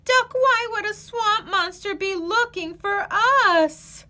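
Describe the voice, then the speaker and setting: A woman voicing a timid, excitable male goose dressed as a superhero, who exclaims in alarm. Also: high voice, unhurried, very noisy, voice pushed up. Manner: panicky, exclaiming.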